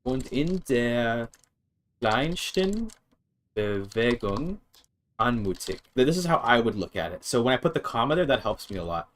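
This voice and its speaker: A man's voice: mid-range voice, big pitch swings, fairly bright tone. Man thinking aloud while streaming. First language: English. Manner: thinking aloud, halting restarts, tries out German words. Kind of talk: casual livestream talk while translating game text.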